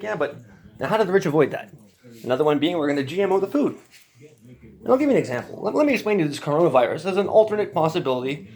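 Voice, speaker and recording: A man telling a rambling story as a podcast guest, swearing often and ranting with energy. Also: a little high. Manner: profane, animated ranting.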